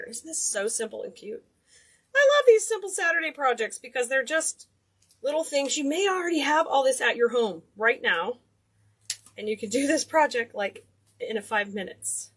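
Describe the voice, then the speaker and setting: A woman's voice: on the high side, expressive, normal speed, slightly rough. A woman hosting a casual DIY craft tutorial, chatty and enthusiastic, gushing over cute details. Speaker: craft video host.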